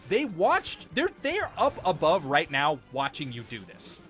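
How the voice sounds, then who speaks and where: A podcast co-host with a bright, ringing voice that swings widely in pitch. He riffs loosely and swears freely. Faint music sits under the talk. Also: measured pace. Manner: animated, swearing, puts on silly voices for game characters. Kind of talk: casual gaming podcast chat.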